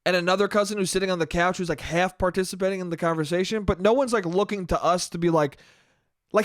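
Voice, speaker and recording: Young guy rambling on his podcast, kinda high voice, says dude and bro a lot, swears. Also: fast, no room sound, studio quality. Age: young adult. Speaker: podcast host. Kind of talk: casual solo podcast monologue.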